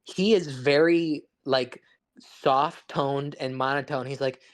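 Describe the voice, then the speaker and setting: Talking about a film, this podcast co-host is casual and enthusiastic, rambling with plenty of swearing and restarts. His mid-range voice moves slowly with fairly even intonation.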